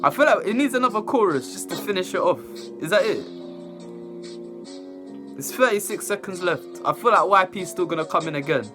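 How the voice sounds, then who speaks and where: A man giving casual, animated reaction commentary as a video host, exclaiming often. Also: sits high, a little fast. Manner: animated, exclaiming and laughing between remarks. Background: faint music.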